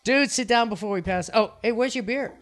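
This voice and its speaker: A man hosting a podcast in casual banter, with a nasal voice and a jokey, excitable manner. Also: extremely high pitch, fairly quick. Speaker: podcast host. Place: small studio den with live audience.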